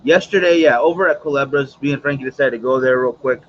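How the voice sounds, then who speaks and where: A man hosts a casual cigar livestream, a cigar morning show, talking quickly in a mid-range voice. He's chatty and rambling, full of fillers and asides to viewers. The recording is muffled with a little hiss or hum.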